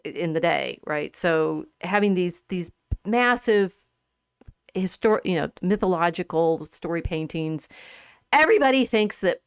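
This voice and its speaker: A woman co-hosting a livestream, chatting casually about poetry with a lively, laughing manner and frequent restarts. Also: mid-range voice, clean tone, no echo, studio quality. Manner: animated and chatty, laughs often, trails off mid-sentence. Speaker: podcast co-host.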